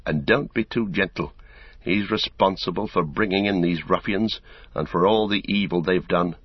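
A man's voice: low-pitched, normal speed, slightly rough, dry recording. A man voicing a bold young male hobbit in a storybook reading, speaking forthrightly and firmly. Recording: dull, dry recording.

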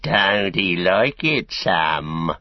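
A man voicing a surly, grimy young male hobbit in a storybook reading, talking in a slow, coarse, sneering way. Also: sits low, fairly even intonation, no echo. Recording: dull, dry recording.

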